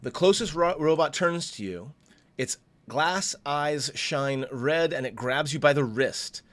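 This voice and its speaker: A man's voice: a little high, a little slow. Man reading a game aloud with asides. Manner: expressive reading with chatty asides. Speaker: let's play host.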